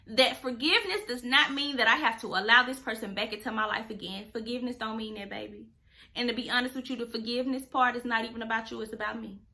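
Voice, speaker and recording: Podcast host: emphatic woman, high bright voice, preachy direct advice. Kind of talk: casual advice talk.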